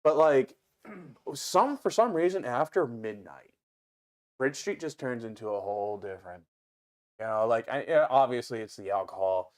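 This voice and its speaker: A man with an Ohio accent, a restaurant owner and guest, telling stories in an animated, casual way and swearing freely. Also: medium pitch, moderate pace. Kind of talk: casual storytelling.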